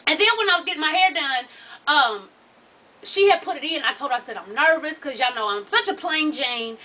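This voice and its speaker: A woman vlogger with a high voice tells stories in a casual vlog at a fairly quick pace. She's animated and profane and laughs through her tales, her voice coming from a distance off the mic.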